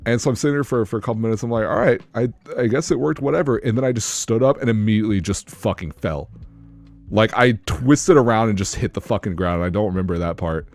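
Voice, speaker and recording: A man with a very low voice rattles through a story at a quick clip. His telling is casual and profane, tripping over restarts as he chats with friends on a podcast. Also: a little mellow, dry recording. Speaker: podcast co-host. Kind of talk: casual chat among friends.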